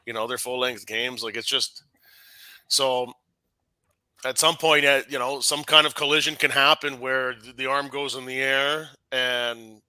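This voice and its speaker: Bright, dry-voiced man talking about refereeing. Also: mid-range voice, fairly even intonation, clean tone, dry recording, rough recording. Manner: halting, many restarts and fillers. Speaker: hockey referee guest. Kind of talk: casual podcast conversation.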